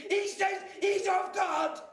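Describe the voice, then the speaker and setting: A man's voice: extremely high pitch, steady tone, slow, reverberant, some chatter behind. A man channelling a raging, trapped woman spirit. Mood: furious. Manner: shouting, manic laughter, defiant. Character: angry trapped woman spirit, ranting, wild. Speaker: medium in a trance.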